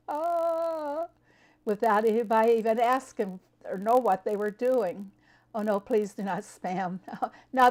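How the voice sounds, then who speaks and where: A woman streaming a farming game, chatting casually with her viewers, answering them by name and laughing often. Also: mid-range voice. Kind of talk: casual live-stream chat.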